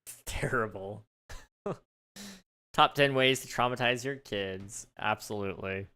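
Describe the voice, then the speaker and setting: A man's voice: on the low side, unhurried, sharp tone, clear, resonant tone. A man streaming a game, chatting casually with a rambling, morbid, joking manner and thinking aloud. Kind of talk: casual livestream chat while gaming.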